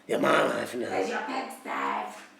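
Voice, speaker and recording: A man doing a deep creepy villain, Papa Lazarus. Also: sing-song, unhurried, creaky, fairly bright tone, echoey room, exaggerated voice. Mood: menacing.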